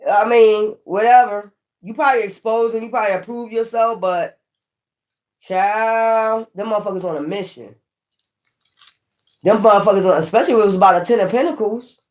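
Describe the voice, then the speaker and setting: A tarot reader gives a casual, blunt, foul-mouthed reading, warning the viewer and repeating her points for emphasis. Her voice sits in the mid range, a little mellow, at a moderate pace.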